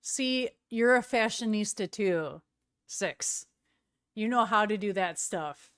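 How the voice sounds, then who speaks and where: Slow-talking woman streamer, casual chat. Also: mid-range voice, expressive, a bit bright, clear, resonant tone, dry recording, studio quality. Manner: chatty, rambling, often loses words and laughs. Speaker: live streamer chatting with viewers.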